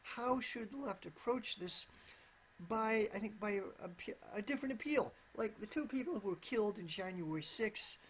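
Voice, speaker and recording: A man's voice: high voice, animated, moderate pace, fairly bright tone, slight background noise. A man giving solo political commentary, rambling and hedging, often restarting his sentences and stressing his points over and over. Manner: rambling, with frequent restarts and repeated "absolutely"; careful, hedging tone.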